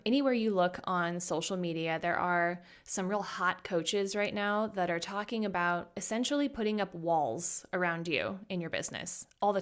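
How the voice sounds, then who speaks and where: A woman's voice: lowish voice, fairly bright tone, clean tone. A woman hosting a podcast, talking emphatically and with animation in a conversational interview. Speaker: podcast host.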